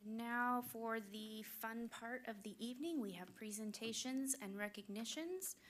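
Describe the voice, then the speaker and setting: A woman's voice: a little high, a little slow, fairly bright tone. Woman chairing a school board meeting. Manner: reads case numbers with frequent ums. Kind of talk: formal meeting procedure.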